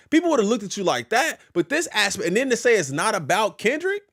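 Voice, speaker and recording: A young man hosting a hip-hop news reaction stream, casual and slangy, breaking into loud outbursts and quick asides to his chat. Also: high-pitched, very animated. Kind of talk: casual live-stream reaction, reading a legal filing aloud.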